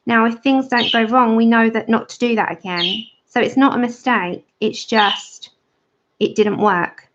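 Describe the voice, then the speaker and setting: A woman's voice: a little high, steady tone, a little slow, fairly bright tone, slight background noise. A woman hosting a casual livestream, chatting and greeting viewers by name as she colours. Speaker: livestream host of a colouring channel. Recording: dull lo-fi stream audio.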